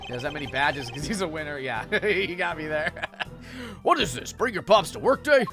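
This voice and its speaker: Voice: medium pitch, animated, fairly quick, music in the background. A streamer giving casual, giggly commentary while reading a game's dialogue aloud in put-on voices. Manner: playful, giggly, reads character lines with put-on voices.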